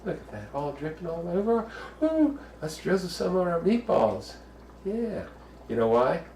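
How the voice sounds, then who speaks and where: A man's voice: on the high side, sing-song, moderate pace, darkish tone, roomy sound, far from the mic, slight background noise. A man from the Bronx, hosting a casual home cooking show, chatty and jokey with bawdy asides. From the Bronx, New York.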